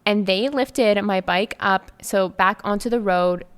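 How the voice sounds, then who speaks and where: A woman's voice: mid-range voice, unhurried, smooth. A young woman from Canada hosting her own podcast, telling a story in a chatty, effusive way with many fillers. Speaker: podcast host and life coach. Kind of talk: casual solo podcast storytelling.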